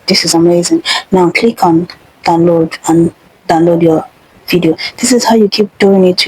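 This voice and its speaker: A young woman walks viewers through a tutorial. Her voice is low and husky. She explains in a chatty, repetitive way, circling back to her points. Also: rough recording. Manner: chatty, instructive, repeats herself. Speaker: tutorial host. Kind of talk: screen-recorded tutorial.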